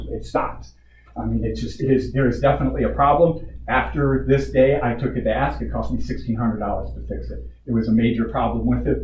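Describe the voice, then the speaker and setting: A man's voice: medium pitch, darkish tone. Indignant man speaking up at a meeting. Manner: indignant storytelling with rhetorical questions. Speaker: resident addressing a community board. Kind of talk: public comment at a meeting. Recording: echoey room, distant mic, dull sound, faint hiss.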